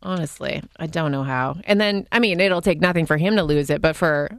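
A woman's voice: low-pitched, a little fast, no echo, clean studio sound. Chatty woman radio co-host. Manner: chatty, laughs often. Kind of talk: casual radio chat.

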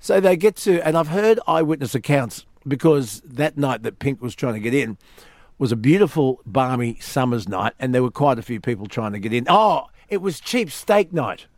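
An Australian man hosting a talk radio show, telling a story with lively acted quotes in a studio. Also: mid-range voice, normal speed, dry recording. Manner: animated storyteller, acts out quotes. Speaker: radio host.

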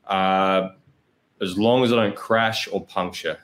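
Aussie guy on a podcast, lowish voice, blunt and sweary, laughs a lot telling his story. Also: steady tone, slow pace, fairly bright tone. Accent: Australian. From Australia. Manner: candid storytelling, swears freely, laughs often. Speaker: guest, pro cyclist. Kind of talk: casual podcast chat.

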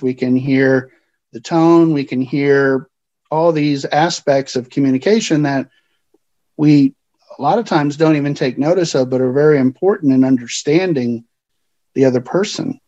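A man working as a counselor, explaining things in a calm, measured way during a podcast interview. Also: fairly high pitch, highs cut off.

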